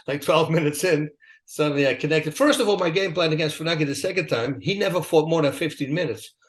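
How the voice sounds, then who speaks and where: A man in an interview, telling stories in a lively, emphatic, casual way. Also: fairly high pitch. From Netherlands. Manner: animated, emphatic storytelling with asides. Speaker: interview guest, retired fighter. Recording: echoey room.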